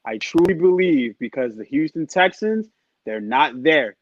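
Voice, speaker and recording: A man co-hosting a casual sports podcast, emphatic and quick to laugh and tease. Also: fairly high pitch, lively intonation, muffled recording. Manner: laughs often, emphatic, teasing. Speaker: podcast co-host.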